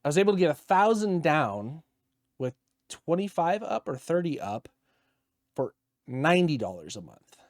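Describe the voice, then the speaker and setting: A man's voice: on the high side, moderate pace, long pauses, no room sound. Profane ranting man, dry sound. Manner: ranting, profane, animated storytelling. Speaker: podcast co-host. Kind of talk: casual podcast chat.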